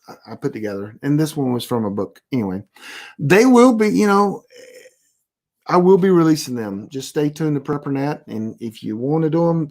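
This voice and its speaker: Rambling, blunt preparedness class teacher. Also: medium pitch. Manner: rambling, self-interrupting, anecdotal; blunt and deadpan about serious points. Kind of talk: casual live online class.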